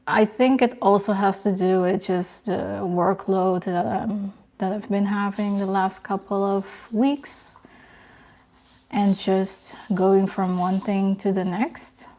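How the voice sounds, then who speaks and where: Slow, soft-spoken young woman chatting. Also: mid-range voice, steady tone. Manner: soft-spoken, emotional, halting with restarts. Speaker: host of a live stream. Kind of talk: casual live chat reading comments.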